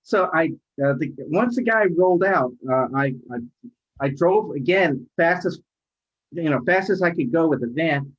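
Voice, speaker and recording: A middle-aged man, a rideshare driver, telling a story in casual chat, animated and acting out quoted voices. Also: fairly high pitch, moderate pace. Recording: dull lo-fi audio.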